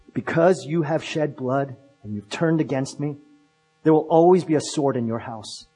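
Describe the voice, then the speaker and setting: Husky-voiced male pastor preaching. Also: a little high, a little mellow, low-quality recording. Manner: storytelling, acting out quotes with shifts in volume. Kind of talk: sermon.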